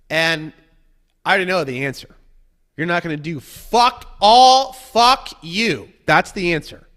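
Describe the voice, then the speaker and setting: Man, higher-pitched, profane rambling guest who acts out mocking impressions. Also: a little slow, fairly bright tone. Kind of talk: casual podcast chat.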